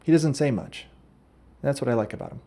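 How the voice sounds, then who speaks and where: A man's voice: medium pitch, brisk, mellow. A man hosting a podcast, telling a rambling, absurd comic story and often breaking off to correct himself. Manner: rambling, absurd, self-interrupting. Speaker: podcast host. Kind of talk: comedic storytelling monologue.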